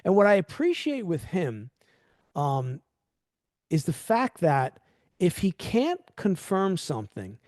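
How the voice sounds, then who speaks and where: Man, middle-aged, podcast host, lively rising and falling pitch, acts out quotes, mellow tone. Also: slow, dry recording, clean studio sound. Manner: animated storyteller, acts out quoted dialogue. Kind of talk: casual interview chat.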